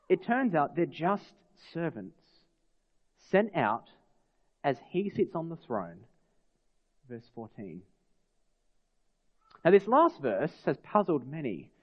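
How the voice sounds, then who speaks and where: A man's voice: high-pitched, big pitch swings, a little slow, long pauses. A man preaching a sermon as pastor, earnest and putting rhetorical questions to his congregation. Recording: long hall reverb, dull lo-fi sound.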